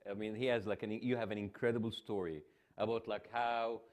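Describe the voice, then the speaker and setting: A man's voice: lowish voice, a little fast. A man from Egypt, a television host, chatting casually on a forum stage, laughing often and acting out quoted exchanges. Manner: laughing, expressive, acts out quoted dialogue. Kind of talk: casual conversational storytelling.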